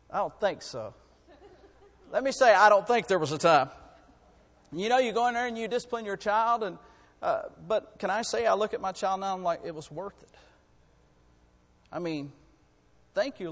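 Guy preaching, kinda high voice, folksy then hollering, big reverb hall. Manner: folksy, building to fervent shouting. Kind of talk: folksy sermon.

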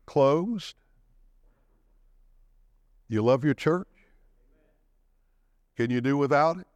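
A man preaching a sermon, swinging his pitch and pace for dramatic emphasis and calling out for the congregation's response. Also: extremely slow, darkish tone, no echo, dull audio. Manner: calls for audience response.

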